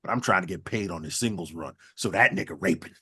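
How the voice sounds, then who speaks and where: A man co-hosting a casual comedy wrestling talk show, retelling events and acting out the wrestlers' lines with profane, animated delivery. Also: low-pitched, fast, breathy edge. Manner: animated, acts out quotes in exaggerated voices, profane. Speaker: podcast co-host recapping wrestling.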